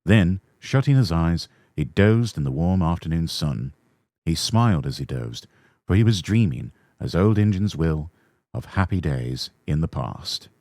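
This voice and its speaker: A man's voice: low voice, measured pace, dry recording, studio quality. Soothing English male storyteller. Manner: calm, soothing. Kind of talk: soft-spoken ASMR storybook reading.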